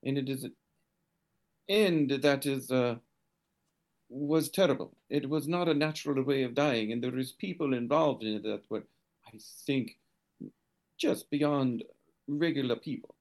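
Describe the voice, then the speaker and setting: A man role-playing his character in a tabletop game, speaking haltingly with many restarts. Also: mid-range voice.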